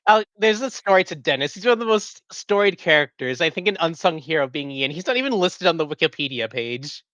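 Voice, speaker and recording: A woman's voice: sits low, animated, fairly quick, fairly bright tone, dry recording. Podcast co-host, woman, sardonic and laughing, dry close sound. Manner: sardonic, laughs often, swears casually. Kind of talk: casual review chat.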